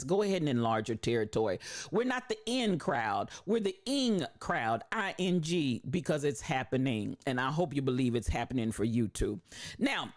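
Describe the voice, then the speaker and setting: A live streamer with a preacher's cadence, who talks exuberantly, repeats phrases and shouts out viewers by name. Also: medium pitch.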